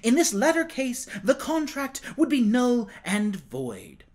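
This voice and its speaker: A learned older judge voiced by a man laying out the law in measured, formal tones. His pitch moves widely through the explanation. A storybook reading. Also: wildly swooping pitch, darkish tone, exaggerated voice. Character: learned old male judge.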